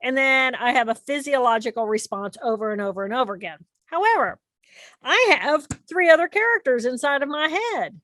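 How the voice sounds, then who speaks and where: A woman giving an explanatory talk to an audience, animated and repeating key phrases for emphasis. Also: high-pitched, brisk, dry recording, studio quality. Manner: animated, acts out inner voices and repeats phrases. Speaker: speaker presenting to an audience.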